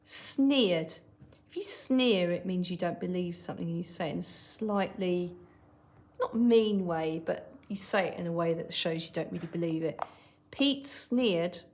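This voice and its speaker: Primary teacher lady, kinda low voice, talks slow, reads her example lines out while writing. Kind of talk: recorded online lesson.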